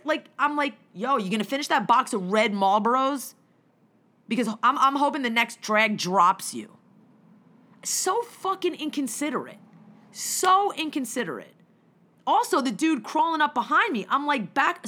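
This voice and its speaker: Bright, lively woman ranting with profanity. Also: sits high. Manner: animated, swears heavily, acts out her own retorts. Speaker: storyteller. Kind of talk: profane comedic rant.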